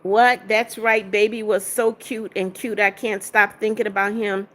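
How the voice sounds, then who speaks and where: A woman's voice: mid-range voice, flat delivery, measured pace, fairly bright tone. A woman hosting a casual livestream, reading viewers' comments aloud, greeting them and firmly sending out trolls. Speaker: livestream host.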